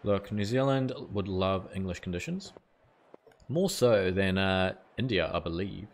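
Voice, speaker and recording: Laid-back streamer, fairly low voice. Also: male voice, unhurried. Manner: casual, swears, chats back to viewers. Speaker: gaming streamer. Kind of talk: live game stream commentary.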